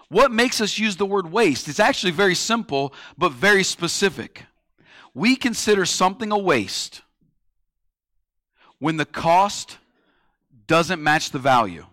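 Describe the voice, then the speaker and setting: A man preaching a sermon with passion, slowing down to stress key words and acting out the voices of critics. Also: high-pitched, lively intonation, sharp tone, no echo, clean studio sound. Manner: acts out quoted critics in a mocking tone. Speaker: pastor.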